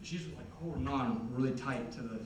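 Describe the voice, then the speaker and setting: A man's voice: mid-range voice, normal speed, darkish tone, slight background noise. Rambling young man doing stand-up. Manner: rambling, chatty, lots of "like". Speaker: stand-up comedian. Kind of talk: stand-up comedy. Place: concert hall. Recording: roomy hall from a distance.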